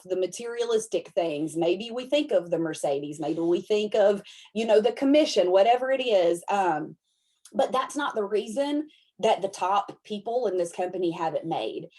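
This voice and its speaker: A young adult woman, telling a story in a chatty, animated way, full of "like" and "y'all". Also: medium pitch. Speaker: independent consultant and motivational speaker. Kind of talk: casual live-stream storytelling.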